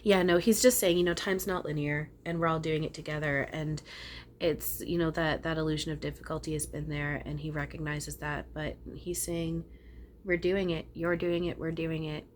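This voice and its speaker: A woman's voice: low voice, fairly even intonation, normal speed, a little hiss or hum. A woman channeler talking casually to her viewers, rambling and earnest with some casual swearing. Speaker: spiritual channeler. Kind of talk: casual spiritual talk to viewers.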